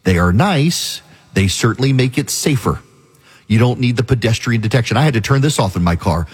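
A man hosts a talk radio show, arguing his opinions in a long, emphatic monologue. His voice is somewhat husky and sits at an ordinary middle pitch for a man. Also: lively intonation, fairly quick.

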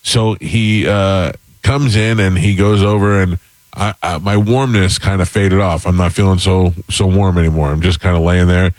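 A man's voice: low voice, steady tone, normal speed, darkish tone, no echo, rough recording. A man hosting a casual chat, telling a long story full of fillers and restarts. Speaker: podcast host.

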